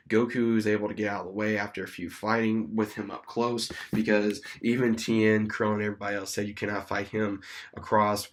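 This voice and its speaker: A young man casually retelling an episode in a rambling, excited way as a YouTube reviewer. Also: fairly low pitch.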